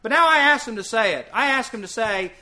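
A male preacher delivers a sermon in a high, ringing voice. He is earnest and emphatic and drives his points home by repeating them. His tone has a bright, pressing edge. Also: animated, a little fast. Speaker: visiting preacher.

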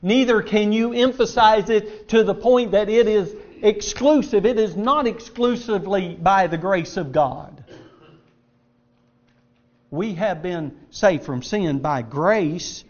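A man's voice: sits high, slow, darkish tone, highs cut off. A man preaching a sermon in an auditorium, emphatic, repeating words for stress as he quotes scripture.

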